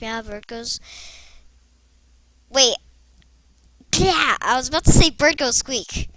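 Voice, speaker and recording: High, bright, slow-talking young girl gamer. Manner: chatty, excitable, talks to herself while playing. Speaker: gameplay vlogger. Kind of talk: casual commentary over online game play.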